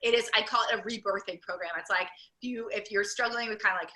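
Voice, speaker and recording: A woman's voice: mid-range voice, steady tone, bright, forceful tone. A woman coaching a weight loss program, talking in an enthusiastic, casual interview chat with lots of run-on "like"s. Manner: enthusiastic, talks in quick run-on bursts with many "like"s. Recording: echoey room.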